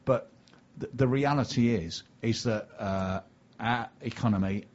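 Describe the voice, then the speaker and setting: A man's voice: on the low side, a little slow, darkish tone, highs cut off. An older man hosting a casual radio chat, chatty and playful, often repeating himself. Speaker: radio show host.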